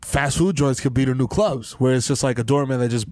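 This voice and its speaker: A man with a New York accent, co-hosting a podcast, excitable and slangy, acting out quotes. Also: medium pitch, no room sound, studio quality. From the Bronx, New York. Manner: excitable, slangy, quick to laugh, acts out quotes. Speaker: podcast co-host. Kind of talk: casual comedic banter. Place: studio.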